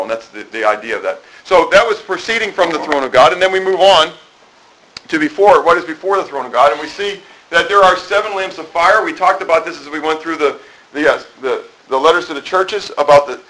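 A man's voice: fairly high pitch, expressive, brisk, a bit bright, poor audio. A middle-aged man preaching a sermon in a conversational way, asking the congregation questions and often repeating and restarting phrases. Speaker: pastor.

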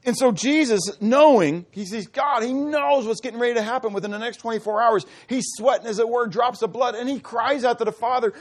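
A male pastor delivering a sermon in a casual, conversational way, often asking his congregation questions and acting out short dialogues, with his voice sinking low and soft at times. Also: fairly quick, hardly any pauses.

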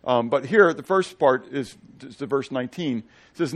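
A man preaching a sermon as pastor, animated, often asking the congregation questions and swinging between loud and hushed delivery. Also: mid-range voice, moderate pace, hardly any pauses.

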